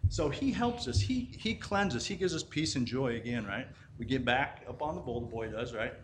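A man preaches in a loose, conversational way, stopping to ask "right?" and restarting his sentences as he tells a simple parable. His voice sits at an ordinary pitch and carries the ring of a reverberant room, with a faint hum of ambience behind it. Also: lively intonation, normal speed. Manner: conversational, repeats "right?", frequent restarts and fillers. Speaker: Christian teacher. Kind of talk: informal sermon with a parable.

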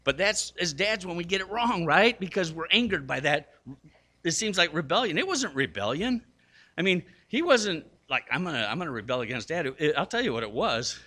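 Older guy preaching, bright punchy voice, animated storyteller, makes fun of himself. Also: moderate pace. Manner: animated storytelling, acting out quotes with big pitch jumps; self-deprecating. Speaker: pastor. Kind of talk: sermon.

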